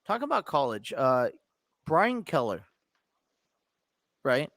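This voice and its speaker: A man's voice: mid-range voice, big pitch swings, slow, a bit bright, dry recording, studio quality. A man co-hosting a sports podcast in casual chat, rambling with many restarts and easy laughter.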